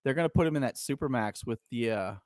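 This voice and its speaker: A middle-aged veteran man hosting a casual podcast, ranting in a heated, profane, half-shouting way. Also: medium pitch, quick pace, no echo.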